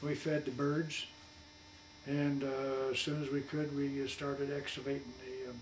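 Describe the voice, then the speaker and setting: A veteran in his 80s, interviewed at home about the war, tells rambling, folksy stories in colloquial oral-history style. His mid-range voice is completely flat and a little slow. The distant mic picks up an echoey room and a faint hum.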